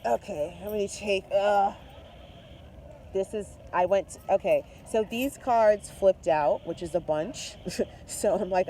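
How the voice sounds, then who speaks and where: Effusive tarot reader, warm mellow tone. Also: medium pitch, unhurried, a little hiss or hum. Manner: chatty and effusive, talks to viewers directly; mixes spiritual talk with swearing and slang. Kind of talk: casual tarot reading to camera.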